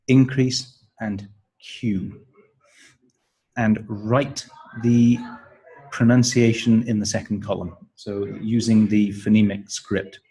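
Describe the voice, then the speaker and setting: Step by step and in no hurry, a man acting as a teacher trainer explains a training manual, peppering his walkthrough with ums and uhs. His voice sits on the low side with a darkish, slightly rough tone, captured in a rough recording.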